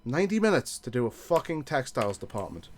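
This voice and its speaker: A man's voice: mid-range voice, very animated, quick pace, a little hiss or hum. A man streaming a game, telling a story in a ranting, profane way. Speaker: gaming streamer. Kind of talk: casual gameplay chat.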